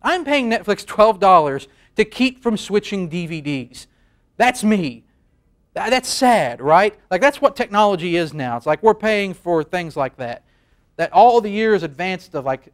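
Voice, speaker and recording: A man in his thirties hosting a late-night show in a studio, rambling self-deprecatingly through a comic monologue and laughing at his own jokes. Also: on the high side. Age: 30s. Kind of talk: comedic monologue. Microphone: facing a camera.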